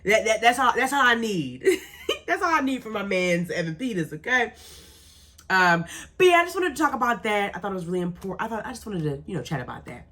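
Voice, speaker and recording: A woman's voice: medium pitch, fast. A young adult woman hosting a radio show, chatting casually and animatedly while reading live comments. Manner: animated, laughing, emphatic repetition.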